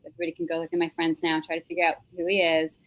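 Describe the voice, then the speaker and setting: A woman with a New York accent hosting an interview in a chatty, joking, expressive way. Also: sits low, racing. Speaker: interviewer and show host. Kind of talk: casual conversational interview.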